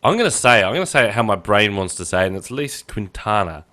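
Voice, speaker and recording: A man hosts a casual podcast. His voice sits low but swoops lively and animated, and he rambles along, poking fun at himself. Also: racing. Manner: chatty, rambling, self-deprecating jokes. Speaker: podcast host.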